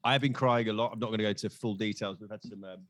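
A comedian guest in casual conversation, telling anecdotes and acting out what people said, laughing often. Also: male voice, lowish voice, steady tone, very fast, a bit bright, no echo. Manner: storytelling, acts out quotes, laughs often. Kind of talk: casual chat.

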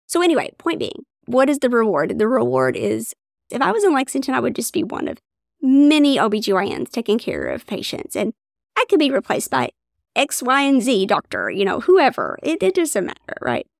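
Lively woman doctor. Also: a little high, a little fast, creaky, no room sound, clean studio sound. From Eastern Kentucky. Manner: animated storytelling, lively and expressive. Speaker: rural OB-GYN doctor, guest. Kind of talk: casual podcast conversation.

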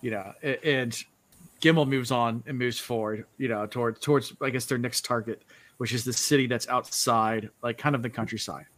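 A man's voice: medium pitch, moderate pace. Man casually retelling a book plot. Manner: relaxed storyteller, quotes characters in his own voice. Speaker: podcast co-host. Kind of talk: casual book-discussion chat.

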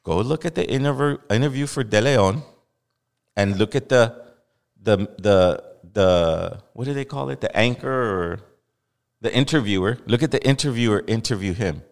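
A man's voice: mid-range voice, lively intonation, moderate pace, gravelly, long reverb tail. A man from Los Angeles hosting a podcast, giving blunt, heated commentary with repeated emphasis. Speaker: podcast host. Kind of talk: casual opinionated commentary.

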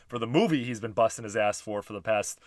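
A man's voice: fairly low pitch, quick pace, dry recording, studio quality. A man hosting a podcast, chatting casually and steering the talk with questions. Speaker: podcast host. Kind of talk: casual chat.

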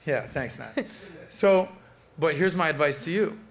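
A man's voice: a little high, lively intonation, measured pace. Brash, joking male podcast host. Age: late 30s to early 40s. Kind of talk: casual podcast chat.

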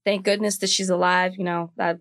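A woman co-hosting a podcast in casual chat, easygoing, telling stories and giving quick affirmations. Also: lowish voice, level tone. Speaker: podcast co-host.

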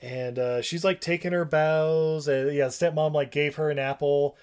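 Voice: medium pitch, fairly even intonation, normal speed, darkish tone, smooth. A podcast co-host in casual chat, rambling through a film plot with lots of fillers and acting out the characters' lines.

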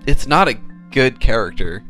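A man's voice: medium pitch, expressive, normal speed, pushed and bright, soft background music. A man co-hosting a podcast in casual chat, jokey and sarcastic, swearing freely. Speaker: podcast co-host.

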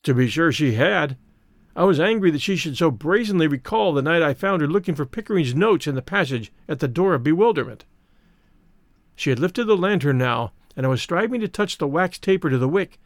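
A man narrating a novel in the first person with a measured, wry and expressive reading. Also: on the high side, no room sound, clean studio sound. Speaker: audiobook narrator.

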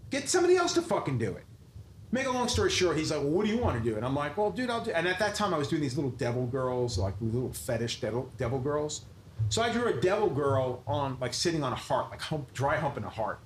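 A man's voice: a little high, very animated, quick pace. A man telling a profane story on a podcast, acting out quotes and swearing constantly. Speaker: tattoo artist telling a story. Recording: roomy echo with faint noise.

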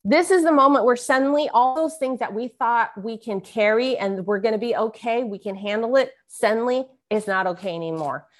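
A woman's voice: on the high side, a little fast, few pauses. A woman guest reading an excerpt of her memoir aloud and talking about it, with earnest, vivid storytelling. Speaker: guest author. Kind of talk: memoir reading and interview chat.

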